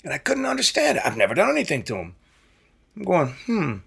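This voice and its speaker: A man from Nebraska, a guest actor, telling stories in a casual, animated way and acting out the people he quotes. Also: fast talker, vocal fry, slightly rough. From Nebraska, USA. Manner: animated, acts out quoted voices with big pitch jumps. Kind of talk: casual storytelling.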